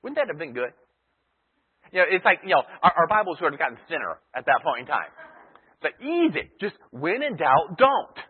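A man with a slightly high, slightly rough voice preaches an expository sermon at a brisk clip, with huge pitch swings and long pauses. As a Bible teacher, he asks rhetorical questions and keeps returning to key phrases. The recording sounds thin, like a phone, and echoes like a large hall.

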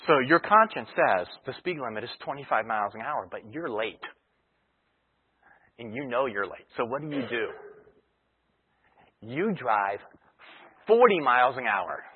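A man's voice: mid-range voice, big pitch swings, unhurried, long pauses, breathy edge. A male pastor preaching a sermon in a conversational teaching style, using everyday illustrations, heard over a tinny broadcast line. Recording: tinny phone-like radio broadcast.

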